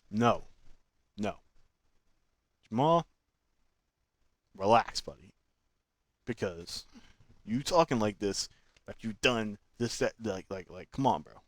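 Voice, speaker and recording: A man hosting his own channel, giving opinionated, animated fan commentary in slangy casual speech. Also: on the low side, no room sound, clean studio sound. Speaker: channel host.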